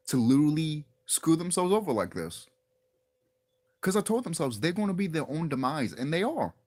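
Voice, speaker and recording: A young man vents in a loose, profane monologue aimed at his viewers. His pitch jumps around animatedly as he gets exasperated, and he keeps restarting and repeating his words. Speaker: wrestling commentary vlogger. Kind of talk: ranting casual monologue.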